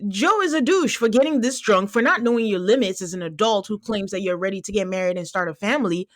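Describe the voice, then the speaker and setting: A woman's voice: mid-range voice, expressive, fast, no echo, studio quality. A young adult woman hosting a podcast, chatting animatedly about a reality show, laughing often and acting out quotes. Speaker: podcast host. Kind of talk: casual chat recapping a reality show.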